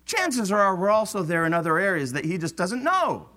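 A middle-aged man preaching a sermon, animated and acting out the voices of churchgoers. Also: high-pitched, moderate pace.

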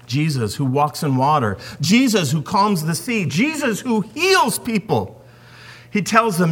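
A man preaching a sermon as a pastor, swinging from forceful emphasis down to hushed whispers. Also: a little high, big pitch swings, measured pace, breathy edge.

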